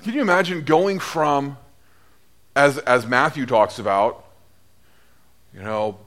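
A middle-aged man, a priest, preaching a sermon, telling the story with lively asides and acting out the voices of the people in it. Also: mid-range voice, takes it slowly, pauses often.

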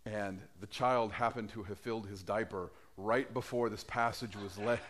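A man's voice: lowish voice, fairly even intonation, moderate pace, background noise. A man preaching a sermon in a conversational way, asking the congregation questions.

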